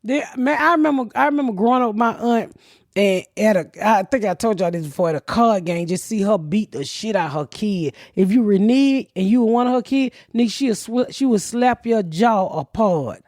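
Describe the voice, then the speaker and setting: A woman in her fifties, a podcast host, telling profane stories with loud laughter. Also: medium pitch, lively intonation, normal speed, dry recording, studio quality. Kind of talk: casual storytelling chat.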